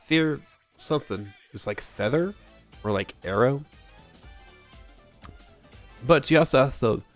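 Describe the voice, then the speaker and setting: A streamer from Texas, giving playful, giggly commentary while playing a game and sounding out German ride names. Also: medium pitch.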